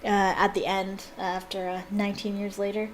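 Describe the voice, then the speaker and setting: A woman reading a novel aloud for online viewers, breaking off into animated, exclaiming asides. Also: mid-range voice, moderate pace, a little hiss or hum. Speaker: YouTube reader.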